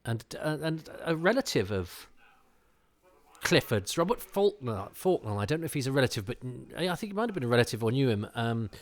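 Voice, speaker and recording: A man's voice: medium pitch, big pitch swings, brisk. A middle-aged man hosting a podcast, giving an enthusiastic, rambling commentary over an old TV episode, full of fillers and restarts. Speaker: podcast host.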